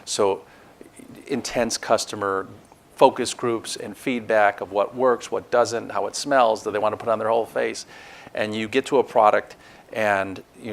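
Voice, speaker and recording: A man's voice: lowish voice, gravelly. A man interviewing a guest, explaining lessons to an audience in a teacherly way. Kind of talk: interview questions and commentary.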